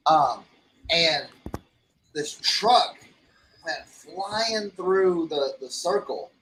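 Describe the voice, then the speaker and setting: A man's voice: fairly high pitch, animated, drawn-out words, sharp tone, slight background noise, rough recording. A middle-aged man casually recounting a story on a podcast, rambling with lots of fillers and restarts. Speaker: podcast co-host.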